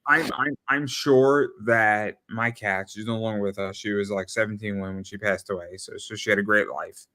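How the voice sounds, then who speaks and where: A man chats as a podcast guest in a relaxed, halting way, often starting his sentences over. His voice is low but bright and forward. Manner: halting, easygoing, restarts sentences. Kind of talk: casual chat.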